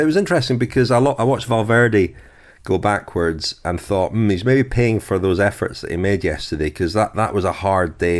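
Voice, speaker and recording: A man co-hosting a sports podcast in casual chat, reading a sponsor message and laughing easily with his co-hosts. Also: sits low. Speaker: podcast co-host.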